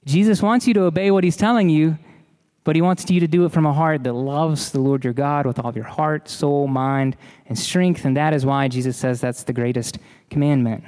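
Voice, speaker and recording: A man's voice: on the high side, fairly even intonation, normal speed, darkish tone, big-room sound. A man preaching a sermon in an earnest, emphatic way, often repeating key phrases. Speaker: pastor.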